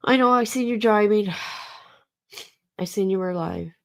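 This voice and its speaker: A middle-aged woman hosts a livestream while grieving. She talks casually to her chat in an emotional, rambling way and swears freely. Her voice sits at an ordinary pitch for a woman. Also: a little slow, vocal fry, clean tone. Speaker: livestream host.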